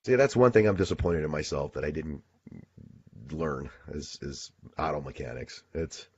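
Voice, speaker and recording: Deep husky man, crude radio banter. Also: moderate pace, no echo. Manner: crude, storytelling, joking. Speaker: radio show co-host. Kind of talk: casual talk radio banter. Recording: dull lo-fi sound.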